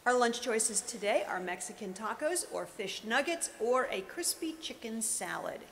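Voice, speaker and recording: A middle-aged woman hosts the morning school announcements, upbeat, chatty, and encouraging. Her fairly high voice is animated and a bit bright at a normal speed, recorded in a reverberant room with faint noise.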